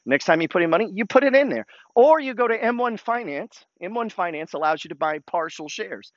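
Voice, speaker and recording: A man with a high-pitched voice talks about investing in a blunt, coach-like way, swearing freely and pushing listeners to act. The sound is dull and dry, with no room echo. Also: brisk. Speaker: host. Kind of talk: casual investing talk.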